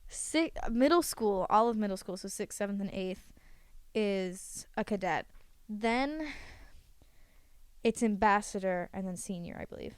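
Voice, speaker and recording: A woman's voice: mid-range voice, animated, unhurried, clear, resonant tone, no room sound. A teenage girl chatting casually on a podcast, rambling through long explanations with plenty of fillers and running short of breath. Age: teens. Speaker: podcast guest. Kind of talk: casual chat.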